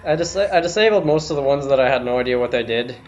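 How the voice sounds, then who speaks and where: A man's voice: medium pitch, lively intonation, quick pace, a little mellow, dull audio, slight background noise. A man streaming a video game, chatting casually and commenting on his play. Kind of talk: casual chat while gaming.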